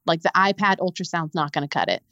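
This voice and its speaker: A young adult woman, a podcast guest, telling a painful personal story in a halting way, repeating words when it gets hard. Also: lowish voice, bright, forceful tone, no echo, lo-fi sound.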